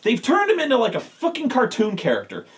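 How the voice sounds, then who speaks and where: A man's voice: extremely high pitch, huge pitch swings, a little fast. A man hosting a show, ranting with exasperation and heavy swearing. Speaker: show host. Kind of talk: profane rant.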